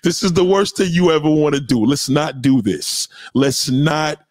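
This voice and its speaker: A middle-aged man with a New York accent, trash-talking his chat in a loud, profane, boastful way while he plays records on a live stream. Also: on the high side, moderate pace, no room sound, clean studio sound. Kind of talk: hyped trash talk over music.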